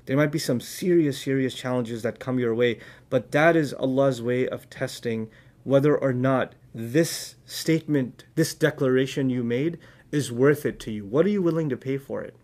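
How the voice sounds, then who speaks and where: A man's voice: medium pitch, normal speed, darkish tone. Earnest man giving religious advice. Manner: earnest, storytelling, translating verses as he goes. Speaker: Islamic speaker.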